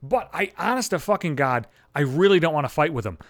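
A blunt young man rants into the mic, swearing constantly as he tells his stories. His voice sits a little higher than most men's and bounces around as he gets worked up. The sound is dry and close, with no room around it. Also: fairly quick, dry recording. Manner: blunt, heavy swearing, animated. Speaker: podcast host. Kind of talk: profane storytelling rant.

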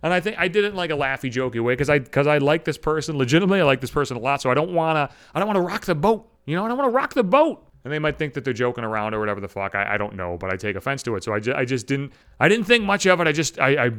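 A man's voice: on the high side, expressive, rapid-fire, few pauses, fairly bright tone, clean tone. A man hosting his podcast in a profane solo rant, swearing constantly and mocking other people's voices as he quotes them. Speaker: podcast host.

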